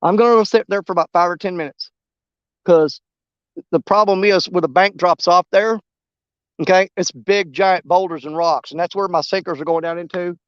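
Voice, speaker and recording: Man, high voice, rambling fishing-stream host, dry muffled audio. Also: moderate pace, clean tone, no echo. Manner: rambling, easygoing, greets viewers by name. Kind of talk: casual live-stream chat while fishing. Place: outdoors on a riverbank.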